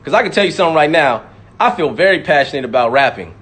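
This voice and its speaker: Intense, high-voiced man swearing hard. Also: animated, fast, fairly bright tone. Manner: profane, emphatic, intense, repeats words for stress. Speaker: rapper. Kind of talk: impassioned monologue to camera.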